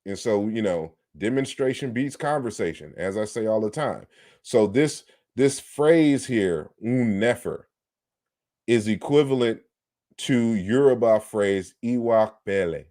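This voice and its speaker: A man with a very low voice gives a lecture, reading out word lists and explaining sound changes. He sounds close to the mic in a dead, dry room, and gets pointed and combative when he takes on critics. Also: expressive, measured pace, warm tone, no room sound. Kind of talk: online lecture on historical linguistics.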